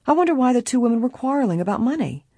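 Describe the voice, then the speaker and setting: A woman reading aloud plays a sharp young woman who speaks in indignant disapproval. The voice is close and dry, with a slightly husky edge. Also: on the high side, sing-song, rapid-fire, dry recording, voice pushed up, full character voice.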